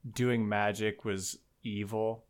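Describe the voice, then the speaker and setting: A man's voice: on the low side, level tone, slow pace, clean tone. A man co-hosting a podcast, discussing a book casually in an enthusiastic, emphatic and jokey way, with casual swearing. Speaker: podcast co-host.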